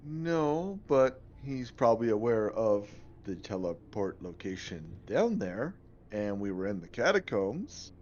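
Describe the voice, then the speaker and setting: A man talks his way through a tabletop game with loose, rambling sentences full of fillers. His voice is on the low side, and the recording sounds dull and lo-fi. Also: sing-song, unhurried, darkish tone, a little hiss or hum. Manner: rambling, many fillers, laughs often. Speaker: player. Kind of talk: casual tabletop game chat.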